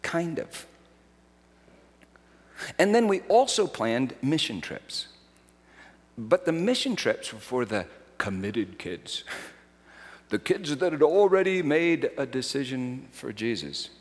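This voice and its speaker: A man preaching a sermon, swinging from hushed, slow phrases to loud, soaring outbursts. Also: medium pitch, sing-song, in a large hall.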